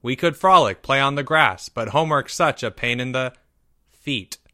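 A man voicing a cheeky schoolboy who recites a silly poem deadpan. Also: mid-range voice, normal speed, dry recording, clean studio sound. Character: cheeky schoolboy, blank-faced.

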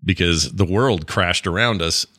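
A man's voice: deep voice, a little slow, pushed and bright, no room sound, clean studio sound. A man from Utah co-hosting a podcast, chatting in a rambling, joking, self-deprecating way. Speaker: podcast co-host. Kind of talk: casual chat.

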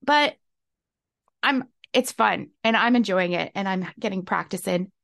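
A woman's voice: mid-range voice, animated, unhurried, gravelly, a bit bright, no room sound, studio quality. A young woman hosting a solo podcast, talking candidly and reflectively, often laughing at herself. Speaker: podcast host. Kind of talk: casual solo podcast talk.

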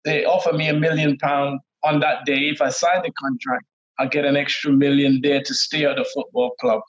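A middle-aged man with a Trinidadian accent, telling stories as a guest in a relaxed, laid-back way, often laughing. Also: on the high side, normal speed. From Trinidad and Tobago. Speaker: guest, former footballer. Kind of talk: casual interview storytelling. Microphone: remote call audio. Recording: dull lo-fi call audio.

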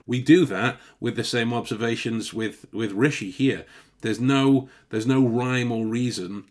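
A man's voice: mid-range voice, measured pace. A man in casual chat, explaining body language in a loose, swearing, laughing way. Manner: chatty, swears, laughs often.

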